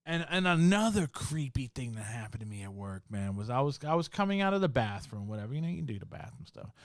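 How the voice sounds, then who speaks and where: A man's voice: mid-range voice, very animated, quick pace, dry recording, studio quality. A man hosting a podcast, telling a spooky story from work in a casual, slangy way, full of swearing and "bro". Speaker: podcast host.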